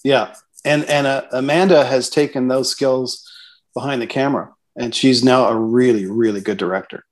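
A middle-aged man, a writer-producer hosting an interview, talking in a relaxed way and laughing between thoughts. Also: medium pitch, moderate pace. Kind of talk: conversational interview.

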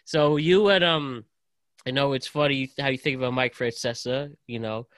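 A man co-hosting a podcast in casual chat, talking in a rambling way with halting restarts. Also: mid-range voice, steady tone, a bit bright, no room sound, clean studio sound. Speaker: podcast co-host.

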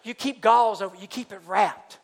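High-voiced man preaching a lively sermon. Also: moderate pace, gravelly. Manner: animated, swinging from loud exclamations to hushed asides; folksy, talks back and forth with the congregation. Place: church service before a congregation.

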